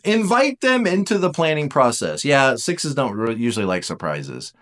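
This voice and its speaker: A man teaching in a casual lecture style, animated and jokey, acting out little voices as he goes. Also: medium pitch, normal speed, few pauses.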